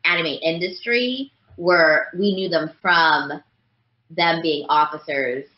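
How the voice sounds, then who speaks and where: Woman guest, rambling casual talk, low-ish voice, dull roomy recording. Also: takes it slowly. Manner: rambling, many "like" fillers. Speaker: voice actress guest. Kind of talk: casual interview chat.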